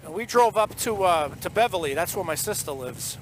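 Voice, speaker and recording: Out riding with traffic sounds around him, a Boston-accented vlogger chats his way through a meandering story. He has a high voice with lively intonation and speaks a little fast.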